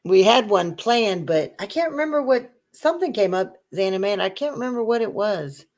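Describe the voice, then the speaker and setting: A woman's voice: medium pitch, expressive, normal speed, darkish tone. A woman co-hosting a casual live-streamed panel chat, teasing and laughing often as she acts out other people's lines. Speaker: livestream panel co-host.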